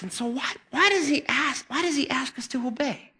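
A man preaching a sermon with a high, lively voice that has a bright, ringing edge. He talks to the congregation like a friend, stumbling over repeated starts and then rising into excited emphasis. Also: normal speed. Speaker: pastor.

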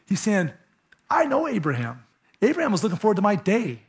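A man delivers a sermon in a fairly high-pitched voice. He preaches emphatically and conversationally, speaking directly to his listeners. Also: wildly swooping pitch, a little fast. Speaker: pastor.

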